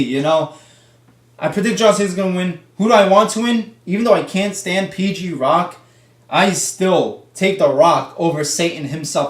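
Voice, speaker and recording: Male vlogger, heated and foul-mouthed, slightly high voice, echoey room. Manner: profane, blunt and heated. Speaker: wrestling vlogger. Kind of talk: casual opinionated rant.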